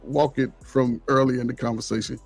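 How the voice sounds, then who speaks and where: A man's voice: mid-range voice, level tone, a little fast, creaky, no echo, faint music behind. A man who is a military veteran, talking in a laid-back, rambling way on an online panel. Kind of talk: casual political chat.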